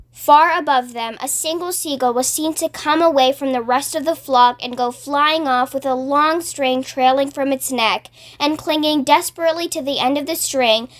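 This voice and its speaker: A woman narrates a children's book aloud in a clear, expressive storytelling manner. Her voice is high and light.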